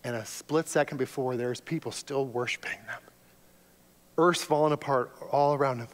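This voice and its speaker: A male pastor giving a sermon, going from hushed, quiet passages to loud, impassioned appeals. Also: medium pitch, moderate pace.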